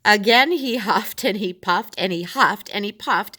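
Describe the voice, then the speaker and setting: A woman's voice: medium pitch, a little slow, few pauses, bright, forceful tone. A woman reading a children's picture book aloud, breaking off for chatty asides to her listeners.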